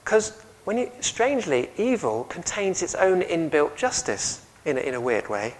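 English man preaching a lively sermon. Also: fairly high pitch, moderate pace, rough recording. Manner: lively storytelling, audience questions.

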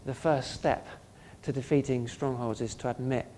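Preacher, sermon, earnest, conversational, asks the room questions, mid-pitched voice. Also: fairly even intonation, normal speed, mellow, slight background noise. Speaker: pastor.

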